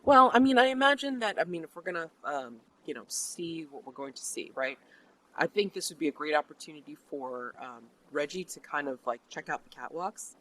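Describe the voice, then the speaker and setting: Game master, chatty narration, animated, tabletop game. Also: mid-range voice, a little fast, a little hiss or hum, poor audio. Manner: chatty, animated, many fillers.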